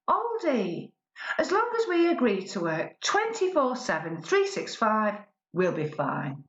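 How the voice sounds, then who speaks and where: A woman's voice: mid-range voice, echoey room, lo-fi sound. A woman performing a spoken word poem as a pampered newlywed woman who imagines being poor, sardonic and mock-cheerful.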